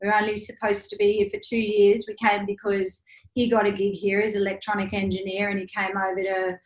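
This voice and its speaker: Australian lady in her 40s chatting on a podcast, pretty even flat delivery, roomy echo. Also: mid-range voice, a little fast. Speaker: guest, entrepreneur. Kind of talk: casual interview conversation.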